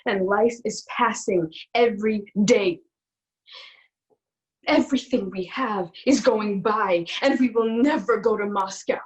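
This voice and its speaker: Woman playing a worn out young woman, halting and mournful, reading a scene in acting class. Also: mid-range voice, lightly acted. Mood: despairing. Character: weary young woman lamenting her lost life.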